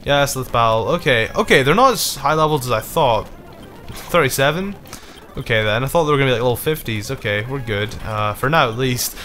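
A man's voice: medium pitch, lively intonation, fairly quick, sharp tone, slight background noise. A man commenting casually on his own gameplay, rambling, swearing often, and frustrated but apologetic. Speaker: let's play gamer.

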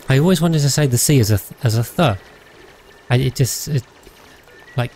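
A man's voice: mid-range voice, normal speed, darkish tone, a little hiss or hum. Chatty man streaming a game. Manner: chatty, rambling, full of hesitations and self-corrections. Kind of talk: casual livestream chat while playing.

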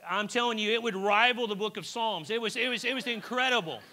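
A man's voice: high-pitched, fast, sharp tone. A middle-aged man preaching a sermon in a church, telling personal stories in a chatty way with frequent restarts and stammers. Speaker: pastor.

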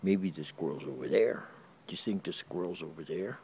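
Filming his dog on a handheld camera in the backyard, a man coos to it in repetitive, sing-song baby talk. His deep, dark voice moves briskly, and the outdoor recording carries a little hiss or hum.

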